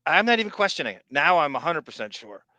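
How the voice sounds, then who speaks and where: A man's voice: a little high, sing-song, quick pace, pushed and bright, dry recording, low-quality recording. A man co-hosting a podcast in casual chat, rambling and reading out listener comments. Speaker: podcast co-host.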